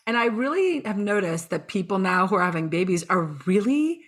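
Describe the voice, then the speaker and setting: A woman in her fifties hosting a podcast, animated and chatty, laughing often as she tells stories. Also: medium pitch, a little fast. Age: 50s. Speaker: podcast host. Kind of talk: casual chat.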